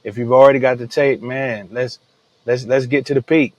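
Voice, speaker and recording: With a steady, darkish mid-range voice at a moderate pace, this daily devotional podcaster retells Bible stories in relaxed everyday slang, frequently addressing listeners as "man." He uses a podcast microphone, and the recording is dry and rough.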